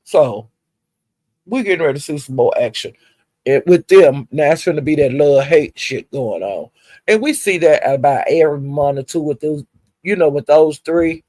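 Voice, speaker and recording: A woman's voice: low voice, lively intonation, normal speed, mellow, no room sound, clean studio sound. A woman casually recounting gossip, chatty and profane with laughing asides. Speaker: gossip vlogger.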